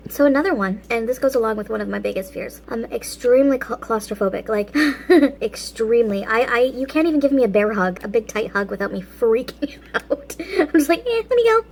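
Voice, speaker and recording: A woman's voice: a little high, fairly quick, a little mellow. A woman hosting a casual vlog, telling a story while eating and laughing often between phrases. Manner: eats and talks with food in mouth. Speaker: vlog host.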